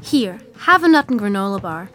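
A woman playing Blossom, a kind, sensible schoolgirl with a gentle, reassuring manner. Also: medium pitch, sing-song, moderate pace.

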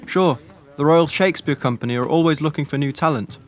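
Cast note: man voicing a boastful teenage boy actor, slightly raised pitch. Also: brisk, close to an everyday voice. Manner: boastful, self-important. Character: vain ambitious teenage boy actor Ross.

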